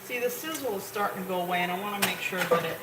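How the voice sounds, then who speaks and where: A woman with an expressive, medium-pitched voice races through a casual cooking tutorial, chatting and rambling to viewers as she cooks at home. Sound is off-mic and echoey, with cooking noise loud in the background.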